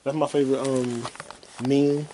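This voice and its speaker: A man hosting a podcast alone, telling crude, rambling stories and bursting into loud high yelps and sound effects. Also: flat delivery, unhurried, slight background noise. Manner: profane, rambling storytelling. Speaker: podcast host. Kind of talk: casual solo podcast monologue.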